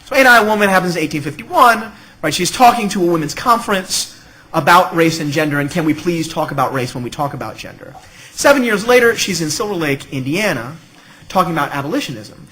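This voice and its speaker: A man's voice: on the high side, expressive, fairly quick, bright, forceful tone, rough recording. A middle-aged man speaking on an academic panel, witty and emphatic, often checking in with "okay?" and "right?". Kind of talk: academic conference talk.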